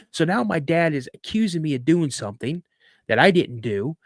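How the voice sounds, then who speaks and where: A middle-aged man telling a childhood story as a podcast guest, acting out the shouting between himself and his father. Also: a little high, lively intonation, brisk, no room sound, studio quality. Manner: acts out dialogue with raised voice. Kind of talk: animated storytelling.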